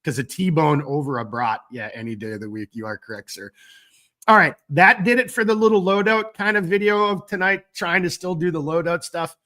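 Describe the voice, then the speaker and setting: A man with a slightly higher voice who is getting over a cold. He hosts a casual live stream, chatting loosely and working through viewer comments. His talk rambles, with lots of "you know" and "like" and the odd curse word. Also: animated, brisk, sharp tone. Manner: rambling, loose and chatty, with frequent fillers and mild cursing. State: fighting a cold. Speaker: gear company owner hosting a live stream.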